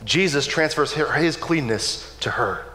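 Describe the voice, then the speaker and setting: A man preaching a sermon in a relaxed, conversational way, often checking in with "right?". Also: a little high, unhurried. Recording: long hall reverb.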